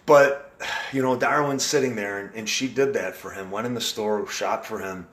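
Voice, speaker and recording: A man's voice: medium pitch, normal speed. A man hosting a casual live video chat, talking in an earnest, rambling way with frequent restarts. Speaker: live-stream host.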